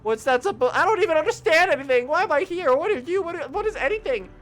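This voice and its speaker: A man voicing a flustered young male assistant who keeps yelling in shrill disbelief. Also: sing-song, moderate pace. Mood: panicked.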